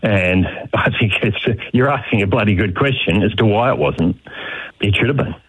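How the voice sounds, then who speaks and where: A deep, husky man answers interview questions haltingly. He is heard from a rebroadcast radio clip. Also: rough recording. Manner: halting, hesitant.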